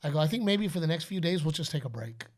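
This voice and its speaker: A middle-aged host speaks fast in a voice on the high side. In casual podcast chat he tells animated stories, acting out quotes and calling plays like an announcer.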